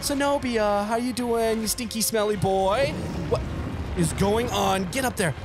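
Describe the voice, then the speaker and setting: A gaming channel host with a high-pitched voice gives casual let's play commentary at a measured pace, with game music in the background. He's playful and giggly, teasing the enemy he's fighting.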